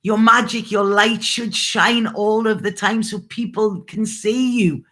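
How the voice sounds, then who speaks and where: A woman's voice: mid-range voice, fairly even intonation, unhurried, pushed and bright. Earnest woman tarot reader, live stream. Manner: earnest and emphatic, laughs easily, drops a swear now and then. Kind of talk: casual spiritual live-stream talk.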